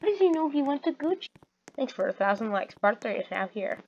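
A woman's voice: a little high, big pitch swings, a little fast. A woman giving rambling, giggly commentary over a game video. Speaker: narrator and commentator. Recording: muffled lo-fi recording.

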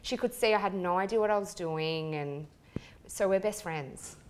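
A woman hosting a casual interview, bubbly and quick to react, telling stories with energy. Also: medium pitch, darkish tone, slight background noise. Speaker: interview host. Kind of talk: casual chat.

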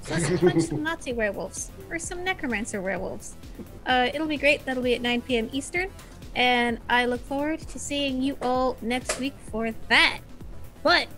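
Woman game storyteller, higher voice, chatty wrap-up with lots of "uh"s. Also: fairly bright tone. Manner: chatty, with frequent "uh" fillers. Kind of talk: casual sign-off of a streamed tabletop game.

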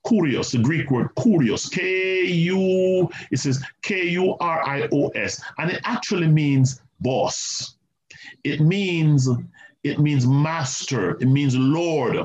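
A male pastor preaching a sermon, animated and repetitive, with asides to the congregation. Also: fairly high pitch, slow, a little hiss or hum. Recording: roomy, slightly muffled church recording.

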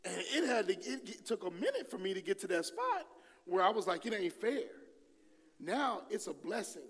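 Middle-aged preacher guy, high voice, does the voices of folks he quotes, big churchy echo. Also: normal speed, breathy edge. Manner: lively, acts out quoted voices with big swings in pitch and volume. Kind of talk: sermon. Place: church sanctuary. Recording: long hall reverb.

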